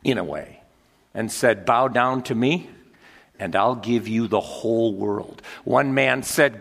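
Male preacher, dramatic sermon, slow and deliberate, shifts from whisper to shout, long hall echo. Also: mid-range voice, creaky. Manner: dramatic swings from hushed whispers to shouted climaxes. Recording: long reverb of a large hall.

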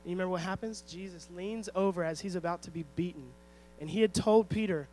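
A man's voice: high voice, fast talker, mellow, slight background noise, poor audio. A man preaching a sermon, emphatic and storytelling, who often asks the congregation rhetorical questions. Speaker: pastor.

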